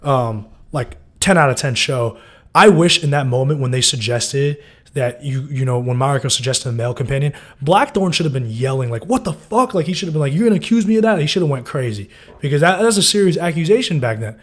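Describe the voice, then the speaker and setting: A man's voice: medium pitch, animated, brisk. A man giving a loose, casual breakdown of TV episodes, full of fillers and swearing. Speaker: TV show recapper.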